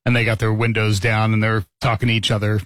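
A man's voice: on the low side, flat delivery, fast, a bit bright, no echo. A middle-aged man hosting a morning radio show, telling stories and laughing as he talks. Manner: storytelling, laughing often.

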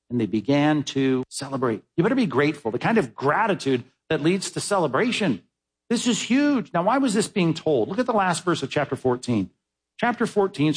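A man preaching a sermon as pastor, stressing words with sudden high, loud bursts and dropping to low, quiet asides. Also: slightly rough.

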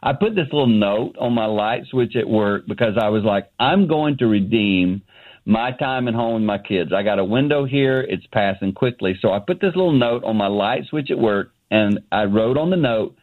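A man's voice: lowish voice, normal speed. Middle-aged male guest for a call-in segment, earnest storyteller, heard over a thin phone line. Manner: earnest, animated storyteller who acts out dialogue. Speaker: ministry founder, guest. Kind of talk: telling a personal story on a radio show. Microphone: remote line.

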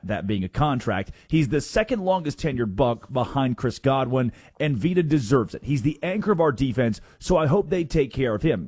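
A man hosting a sports talk radio show, animated and quick to jump in, often repeating himself. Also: mid-range voice, breathy edge, no echo, clean studio sound.

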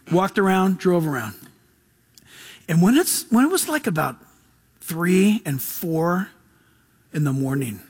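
Casual, animated preacher man. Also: sits high, husky. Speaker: pastor. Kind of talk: sermon.

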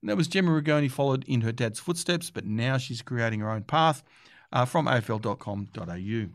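A man reading sports news articles aloud in a steady way, with the odd filler. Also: mid-range voice, brisk, no echo, clean studio sound. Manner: steady read-aloud delivery with occasional fillers.

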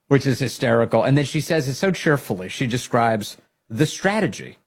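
A man hosting a political talk show, giving emphatic, fired-up commentary that rises to loud exhortations. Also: a little high, sing-song, normal speed. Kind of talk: opinionated commentary.

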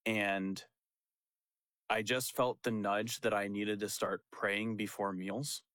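A man's voice: lowish voice, slow pace, no room sound. A young man, a pastor, telling a story in casual chat and acting out the quotes with laughs. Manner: animated, laughing storyteller who acts out quotes.

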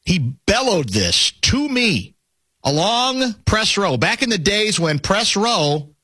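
Animated, bright-voiced sports radio host. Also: male voice, high-pitched, slow pace, husky, no echo. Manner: chatty, teasing, animated storytelling. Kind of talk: casual sports talk.

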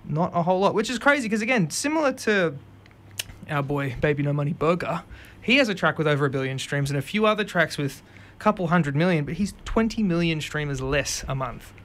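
A young man with a fairly high voice hosts a radio music show. He talks in a chatty, casual way and recaps the tracks with quick asides. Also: expressive, fairly bright tone. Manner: chatty, quick asides, sings snatches of songs. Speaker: radio host.

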